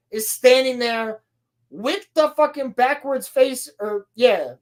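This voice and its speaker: Profane, ranting woman podcaster. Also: on the high side. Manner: profane, exasperated ranting with quick acted quotes. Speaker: podcast co-host. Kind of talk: casual chat, recapping a show.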